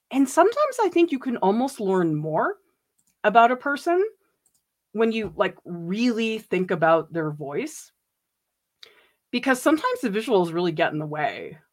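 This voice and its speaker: A woman hosting a casual livestream, reading out viewer comments and chatting about them, gushing and giggling with big swings in pitch. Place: home.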